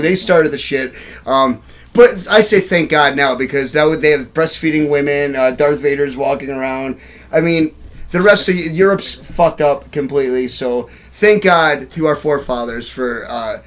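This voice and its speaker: A young man with a high voice hosts a loose, crude comedic news segment. He rambles irreverently and breaks into laughter often. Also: normal speed, fairly bright tone. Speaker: host of a live web talk show.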